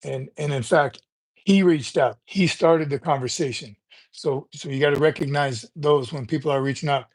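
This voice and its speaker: A man's voice: fairly high pitch, normal speed. An older man hosting a casual livestream chat, talking in a loose, rambling way and often repeating words as he gathers his thoughts. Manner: rambling, conversational, repeats words while thinking. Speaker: livestream host.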